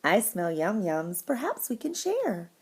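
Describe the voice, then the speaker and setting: A woman's voice: medium pitch, wildly swooping pitch, measured pace, a little mellow, husky, heavily acted. A woman voicing a friendly badger offering to share snacks in a storybook. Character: friendly grinning sharing badger.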